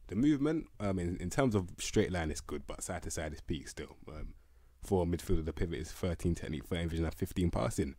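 A man's voice: low-pitched, animated, fast talker, mellow, no echo, studio quality. A young man, giving blunt, slangy, casual commentary on player ratings for a video. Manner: slangy, blunt, laughing, repeats "bruv" and "can't lie". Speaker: game content creator.

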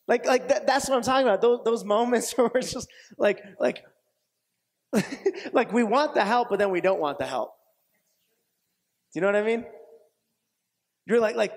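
A male pastor delivers a sermon in a fairly high voice, swinging between lively acted-out exchanges and quieter reflective stretches. He repeats and restarts phrases and asks the room whether it makes sense. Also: moderate pace, long pauses. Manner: animated storytelling, acts out quoted voices, laughs often; repetitive restarts, asks audience questions.

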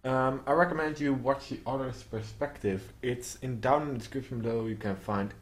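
A man giving casual, excitable commentary over his own gameplay, then a rambling sign-off full of fillers. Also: mid-range voice, normal speed. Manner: excitable, chants siren-like noises. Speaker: gaming channel host.

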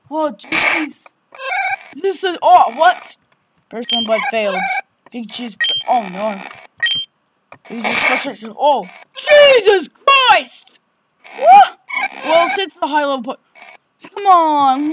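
A woman playing a horror game and commenting, jumpy and exclaiming, often swearing. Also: high-pitched. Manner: jumpy, exclaiming, swearing, frequent 'oh my God'. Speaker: let's play gamer. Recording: loud background noise.

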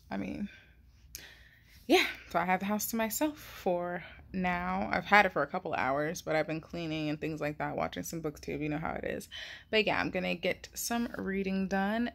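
A woman's voice: medium pitch, creaky. A young woman hosting a casual reading vlog, talking chattily and rambling with plenty of fillers. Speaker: booktuber vlog host.

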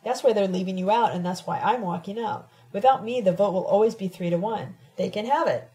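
A woman narrating a novel told in letters, reading in a steady, measured first-person voice. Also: medium pitch, poor audio. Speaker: audiobook reader.

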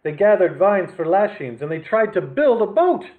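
A man hosting a children's library story time, reading picture books aloud with animated delivery and chatty asides. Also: high-pitched, moderate pace. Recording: lo-fi phone-like sound.

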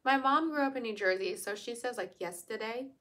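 A woman's voice: fairly high pitch, expressive, brisk, a bit bright. A young woman from Virginia, chatting casually on a livestream, laughing often and answering viewer comments. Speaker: livestream host.

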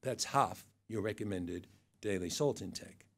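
A man's voice: lowish voice, measured pace. An older man giving a satirical awards speech to an event audience, dry and mocking, with wry asides. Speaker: awards presenter.

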